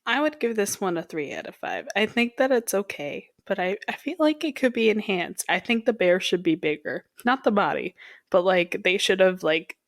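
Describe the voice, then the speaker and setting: A woman's voice: mid-range voice, lively intonation, moderate pace, dry recording, studio quality. Teasing, giggly young woman co-host. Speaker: podcast co-host. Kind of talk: casual chat.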